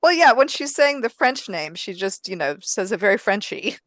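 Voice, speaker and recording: A woman's voice: mid-range voice, very animated, moderate pace, a bit bright. Rambling woman player. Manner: rambling, self-correcting. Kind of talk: casual narration of her character.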